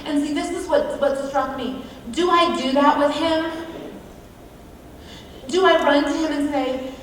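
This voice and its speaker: A woman's voice: sits high, moderate pace, a little hiss or hum. A woman giving a humorous devotional talk at a women's event, chatty, with self-mocking asides. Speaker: featured speaker at a women's event. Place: large hall. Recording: echoey hall from far off.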